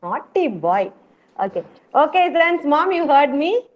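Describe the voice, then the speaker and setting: Speaking at a measured pace, a woman with a high-pitched, very animated voice and an Indian English accent encourages preschoolers during an online class. She calls out to them again and again, and the video-call recording is muffled with slight background noise.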